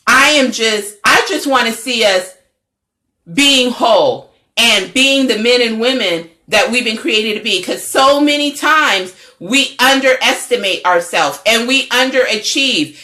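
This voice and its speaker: A woman's voice: fairly high pitch, expressive, measured pace, sharp tone. A middle-aged woman, a network founder and coach, giving a fervent, preachy livestream pep talk that repeats its phrases. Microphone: phone or webcam livestream.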